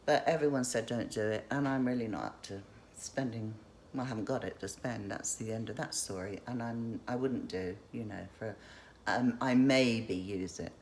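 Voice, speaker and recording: Very low-voiced chatty woman. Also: normal speed, a little mellow, slight background noise. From England. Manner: chatty, rambling, self-interrupting. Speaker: vlogger. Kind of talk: casual show-and-tell vlog.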